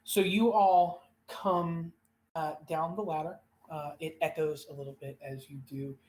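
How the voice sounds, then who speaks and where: A game master narrates a live-streamed tabletop game, reading out room descriptions at an unhurried pace. The voice sits at a middle pitch and pauses often between phrases. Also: steady tone, a little mellow, a little hiss or hum, low-quality recording.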